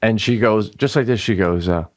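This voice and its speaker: A man's voice: fairly low pitch, normal speed, a little mellow, dry recording, studio quality. A middle-aged man co-hosting a podcast, rambling in casual comedic chat, laughing often and swearing freely. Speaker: podcast co-host.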